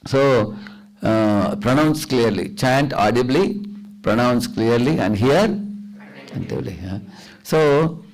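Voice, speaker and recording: A man's voice: medium pitch, lively intonation, slow. A man giving a devotional lecture in a temple hall, instructing the audience and often asking them to confirm. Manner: instructive, asks the audience for agreement, chants the mantra aloud to demonstrate. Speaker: visiting preacher.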